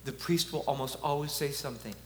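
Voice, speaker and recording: A man's voice: on the high side, quick pace. A man giving an earnest, conversational preaching talk with chuckles, at a conference in a large hall. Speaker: conference speaker. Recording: echoey hall, faint hum.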